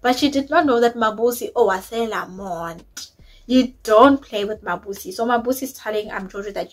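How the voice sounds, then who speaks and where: A woman's voice: a little high, normal speed, rough recording. A woman, chatting opinionatedly as she recaps a reality show episode, dropping in isiZulu words. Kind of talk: casual recap chat.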